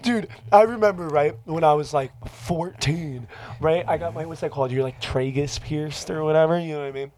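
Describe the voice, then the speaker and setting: A man's voice: fairly high pitch, fairly quick. A man telling a story in casual podcast talk, swearing freely and acting out the voices of the people he quotes. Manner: profane, animated, acts out quoted voices.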